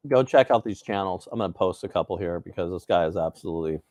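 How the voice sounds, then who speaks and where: A man casually chatting while hosting a live breakfast cooking stream, rambling and relaxed with plenty of fillers. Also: low voice, quick pace, no echo. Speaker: host.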